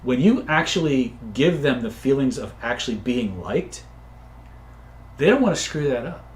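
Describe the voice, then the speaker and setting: A man coaching viewers on influence in a casual live-stream, often tagging points with "right?" and shouting out angry characters when he tells stories. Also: medium pitch, lively intonation, normal speed, roomy sound. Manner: conversational, tags points with "right?"; acts out angry voices loudly in stories. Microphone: own camera setup.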